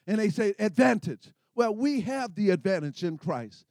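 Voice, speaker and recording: Man, preacher, high voice, dry close sound, call-and-response, excited sermon. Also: moderate pace, dry recording.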